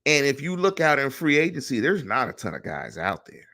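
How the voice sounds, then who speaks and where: A man's voice: medium pitch, very animated, brisk, pushed and bright. A middle-aged man hosting a solo sports podcast, talking through his opinions and putting rhetorical questions to his listeners. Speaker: podcast host.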